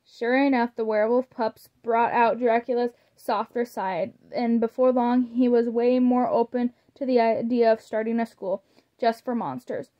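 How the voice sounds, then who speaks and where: A woman's voice: a little high, steady tone. A woman reading a children's book aloud, who stumbles over words and apologizes as she goes. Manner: slow, stumbling, apologizes for misreadings. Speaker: storybook reader. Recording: slightly muffled lo-fi audio.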